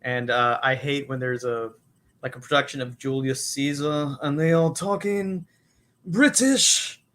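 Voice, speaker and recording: A man's voice: mid-range voice, fairly even intonation, moderate pace, a bit bright. A man co-hosting a podcast, bantering in a dry, teasing way. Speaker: podcast co-host. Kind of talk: casual podcast chat.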